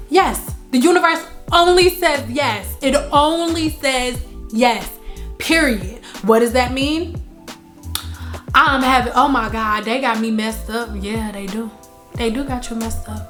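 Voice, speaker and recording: A woman's voice: a little high, unhurried, faint music behind. A married woman talking casually to her viewers about spirituality, emphatic and repeating her points for stress while telling her own stories. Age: adult, married. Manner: emphatic, repeats lines for stress, animated storytelling. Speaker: spiritual vlogger. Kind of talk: casual spiritual talk to camera.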